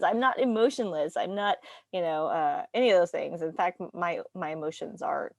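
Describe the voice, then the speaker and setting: Woman on a video call, kinda low voice, dry close sound, chatty, laughs a lot. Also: fairly quick, gravelly, no echo. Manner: candid, laughs often, trails off softly. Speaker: roundtable participant. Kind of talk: casual group video call.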